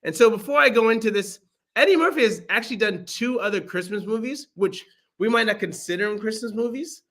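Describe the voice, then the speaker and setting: Bright-voiced, animated young man. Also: high-pitched, fairly quick. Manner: animated, joking, laughs often. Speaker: podcast co-host. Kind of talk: casual movie review chat.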